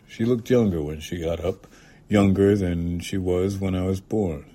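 A man reading a literary short story aloud in a calm, measured way. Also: sits low. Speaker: reader.

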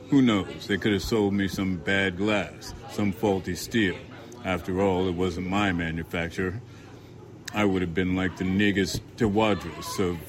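Low-voiced man reading a novel. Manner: measured, dry first-person reading. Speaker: narrator. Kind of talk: audiobook narration.

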